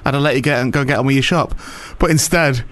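A man's voice: mid-range voice, fast, a bit bright. A man hosting a radio show, bantering casually, teasing his guest, swearing freely and laughing often.

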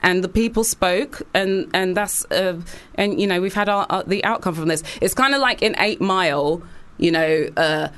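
Political commentator, earnest, animated, mid-pitched, restarts and fillers. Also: moderate pace, smooth. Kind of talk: casual political chat.

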